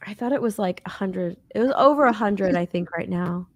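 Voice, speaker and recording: A woman's voice: mid-range voice, expressive, quick pace. A woman co-hosting a casual pop culture news show, speaking tentatively as she checks the facts. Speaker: podcast co-host.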